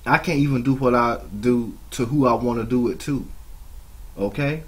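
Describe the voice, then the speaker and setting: A man with a husky, slightly breathy voice delivers mocking reaction commentary. He scolds his target and drifts into long, drawn-out asides. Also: mid-range voice. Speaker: YouTube commentator.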